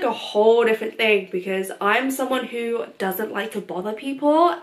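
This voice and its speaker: A young woman talks straight to her camera at home in a casual, open life update. Her voice sits a little high, and she fills the gaps with "um" and "like" and breaks into laughter often. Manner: chatty, open, laughs often, many fillers. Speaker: vlogger.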